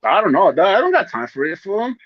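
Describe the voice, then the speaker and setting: A man chatting casually as a guest, using relaxed slang and calling his friend "fool" and "dog.". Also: sits high, fairly quick, highs cut off. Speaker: guest on a live-stream chat. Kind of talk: casual chat.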